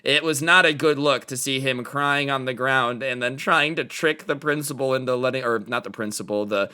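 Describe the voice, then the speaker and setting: A young man telling a school story in a casual, slangy, animated way. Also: mid-range voice, moderate pace, clean tone. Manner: slangy, animated, lots of "dude" and "like". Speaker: storytime channel host.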